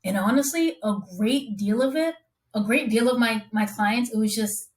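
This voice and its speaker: Animated woman acting out quoted dialogue. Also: a little high. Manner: fast, rambling with restarts. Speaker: guest copywriter and copy coach. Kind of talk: casual conversation.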